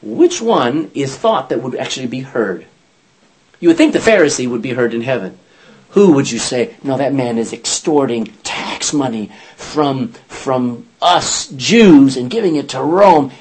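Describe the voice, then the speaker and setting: A man's voice: medium pitch, lively intonation, a little slow, darkish tone, low-quality recording. A man teaching a Bible study, asking his listeners questions and acting out scripture quotes in character voices.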